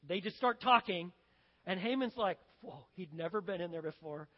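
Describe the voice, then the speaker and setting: A man preaching a sermon as a pastor, telling a story in an animated, conversational way. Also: high-pitched, moderate pace. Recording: dull lo-fi sound with long hall reverb.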